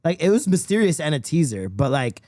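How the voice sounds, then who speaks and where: A podcast co-host in loose, animated chat, jumping in quickly and laughing often. His voice sits on the higher side for a man. The sound is dry and close. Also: no room sound. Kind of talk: casual chat.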